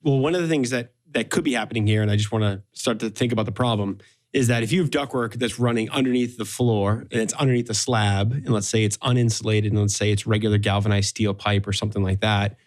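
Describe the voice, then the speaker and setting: A man's voice: fairly low pitch, steady tone, fast talker. A man working as a building engineer, explaining a problem on a radio show while thinking aloud with many "you know"s.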